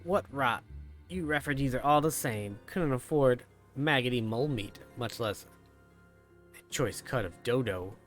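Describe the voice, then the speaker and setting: A man voicing a greedy, bullying male merchant with a slow, sneering delivery. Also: mid-range voice, soft background music, close to an everyday voice.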